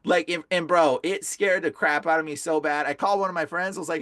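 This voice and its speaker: A man guesting on a podcast who tells his story in an excited, casual way, full of "bro" and "like". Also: fairly high pitch, fast talker, few pauses, dry recording, clean studio sound. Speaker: podcast guest, deliverance minister. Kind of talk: animated storytelling.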